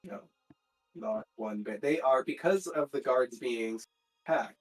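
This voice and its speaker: A man runs a tabletop game as its game master, his voice at a middling pitch. He narrates in a halting way, full of fillers and restarts. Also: expressive, faint music behind, poor audio.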